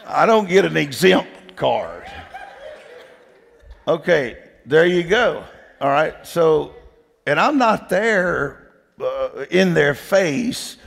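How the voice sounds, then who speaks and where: A man's voice: on the high side, very animated, drawn-out words, creaky, long pauses, a bit bright. A man preaching a storytelling sermon in a folksy, emphatic way, pressing the congregation with repeated questions. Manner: folksy, emphatic, repeats "did you hear me". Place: church sanctuary. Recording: long hall reverb.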